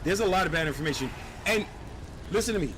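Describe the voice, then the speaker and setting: A man streaming a game, talking in animated, profane, rambling banter. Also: high-pitched, fast, background noise. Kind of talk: casual gaming stream talk. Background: faint game music.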